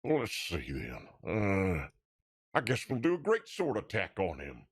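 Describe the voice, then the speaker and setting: A man playing a tabletop fantasy game, playful and animated as he asks about his options. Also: sits low, measured pace, slightly rough, no echo, clean studio sound. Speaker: player.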